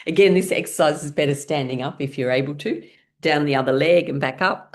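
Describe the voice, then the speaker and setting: A woman's voice: low voice, fairly even intonation, moderate pace. A woman teaching a laughter class, guiding breathing and tapping with cheerful instructions and frequent laughing sounds. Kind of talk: guided laughter exercise class.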